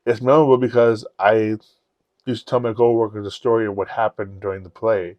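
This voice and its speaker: A man on a podcast telling personal stories in a candid, profane, animated way. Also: fairly low pitch, brisk, no echo, dull audio. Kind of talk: casual storytelling chat.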